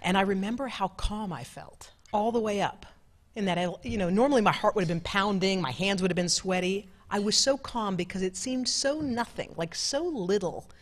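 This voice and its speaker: A middle-aged woman, a television co-anchor, telling stories to an event audience in a lively, laughing, chatty way. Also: medium pitch, normal speed. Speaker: television co-anchor giving a talk. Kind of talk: storytelling talk with audience Q&A. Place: large club event room.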